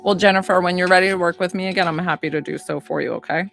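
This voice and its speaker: A woman who works as a psychic medium and healer, chatting excitably on a livestream and greeting her viewers by name. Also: fairly low pitch, rapid-fire, vocal fry, soft background music. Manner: gushing, excitable, chatty, reads out viewer names. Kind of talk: excitable casual livestream chat.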